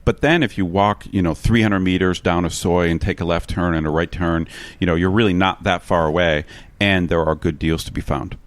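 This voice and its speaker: Deep-voiced, easygoing podcast co-host. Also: male voice, fairly even intonation, brisk, dry recording. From expat living in Bangkok. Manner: easygoing, agreeable, hesitant restarts. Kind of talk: casual chat.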